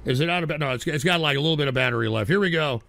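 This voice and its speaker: A male livestream host reading chat aloud, combative, swinging from low mutters to angry shouting. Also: very fast, gravelly, slight background noise.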